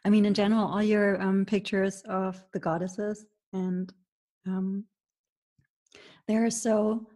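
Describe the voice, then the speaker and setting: Female interviewer, gentle, halting delivery, reflective. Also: mid-range voice, level tone. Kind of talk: conversational interview.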